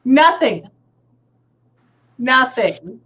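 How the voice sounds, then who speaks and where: A woman with a Texan accent, a medium in a casual reading session, chatting and relaying messages, often pausing to say "hang on". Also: high-pitched, sing-song, bright, forceful tone. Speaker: psychic medium. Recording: slightly dull audio with faint background noise.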